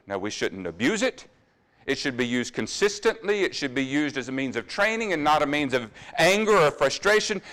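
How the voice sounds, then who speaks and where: Preaching a sermon in church, a man presses the congregation with earnest questions, his fairly high voice swinging widely in pitch. Now and then he drops into quieter asides about running over time.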